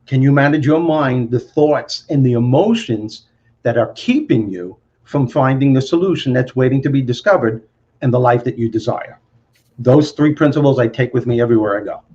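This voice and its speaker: A man from Brooklyn with a Brooklyn accent, a guest motivational speaker telling stories in an animated, confident way. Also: mid-range voice, normal speed, dull audio. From Brooklyn, New York. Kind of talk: interview storytelling.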